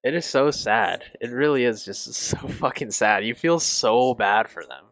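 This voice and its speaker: A young man reviewing a TV show on his channel, emotional and halting, swearing often and restarting his sentences. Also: mid-range voice, expressive, a bit bright, no echo. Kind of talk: casual review.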